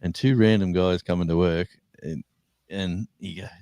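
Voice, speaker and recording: Gravelly low Australian older man. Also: steady tone, normal speed, dark tone, dry recording. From New South Wales, Australia. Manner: rambling, self-correcting, chatty storytelling. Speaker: livestream co-host. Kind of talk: casual live-stream chat.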